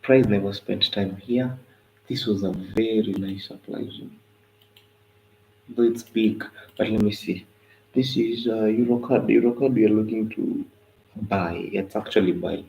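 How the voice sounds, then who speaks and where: A young man chats loosely through his trading charts, dropping into Swahili phrases. His voice sits low and gravelly, worn down and tired. A faint hiss runs under the stream audio. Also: fairly even intonation, a little slow, long pauses, a little mellow, poor audio. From Kenya. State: tired, voice going. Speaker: forex trading analyst. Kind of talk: casual live chart analysis.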